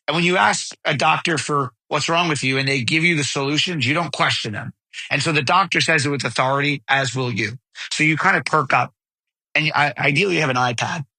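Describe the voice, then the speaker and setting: A man hosting a podcast, giving direct, energetic sales coaching and acting out customer conversations while walking outdoors. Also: fairly high pitch, no room sound, low-quality recording. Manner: role-plays sales dialogue, energetic and direct. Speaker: podcast host. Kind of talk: solo sales coaching talk.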